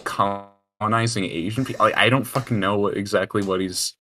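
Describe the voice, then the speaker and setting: Low-voiced, blunt man over faint noise. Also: fairly even intonation, fairly quick, sharp tone. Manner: blunt, mumbling, filler-heavy. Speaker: podcast co-host. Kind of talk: casual commentary chat.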